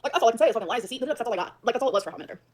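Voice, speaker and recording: A woman on a livestream ranting fast and emphatically, swearing a lot as she tells her side of a fight. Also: a little high, expressive, a little mellow. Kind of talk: venting livestream rant. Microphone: livestream mic.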